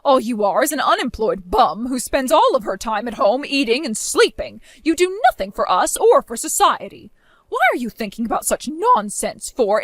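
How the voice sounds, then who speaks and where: A stern middle-aged mother with a cold, scolding edge, as a woman puts her on. Her voice sits lower than the woman's usual high tone, and the lines land as commands. Close, dry recording with no room around it. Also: dry recording. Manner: harsh, commanding. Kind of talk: amateur voice drama.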